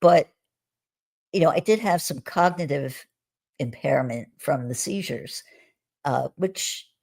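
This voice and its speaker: A woman guest on a video call, recounting her experiences in a relaxed conversational way, with frequent restarts and soft laughs. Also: deep voice, slow, vocal fry. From United States. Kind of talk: conversational storytelling on a live stream.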